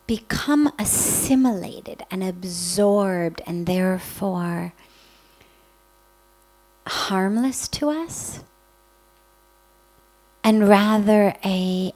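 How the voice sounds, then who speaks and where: A woman spiritual teacher giving a calm, reflective spiritual talk, speaking gently with many pauses. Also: medium pitch, low-quality recording.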